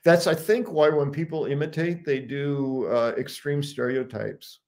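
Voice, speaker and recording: A man's voice: on the high side, steady tone, measured pace, darkish tone. Reflective man telling stories in a chat. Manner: reflective storyteller, laughs often. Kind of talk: casual live chat.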